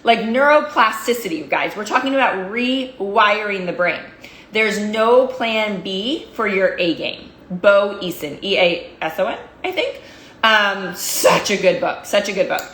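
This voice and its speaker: A woman's voice: medium pitch, a little slow, a bit bright, a little hiss or hum. A woman coach giving an emphatic, fired-up motivational talk, repeating phrases to drive her points home. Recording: roomy echo.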